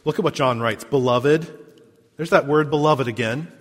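A man preaching a sermon as pastor, reading scripture and stressing key words, with sharp swings between loud emphasis and quiet drops. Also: moderate pace, big-room sound. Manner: emphatic preaching with big swings in pitch and volume.

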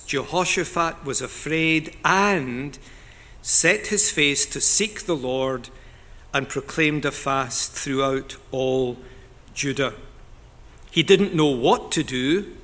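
Guy preaching slow and earnest, kinda high voice, gets loud quoting scripture. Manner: earnest, deliberate, swells to loud cries when quoting. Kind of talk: sermon.

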